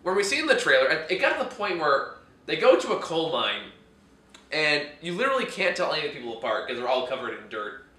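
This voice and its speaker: A man's voice: on the high side, very animated, quick pace, bright, forceful tone, reverberant. A man hosting a casual chat about bad movies, ranting in an exasperated way and laughing often. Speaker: host reviewing movies.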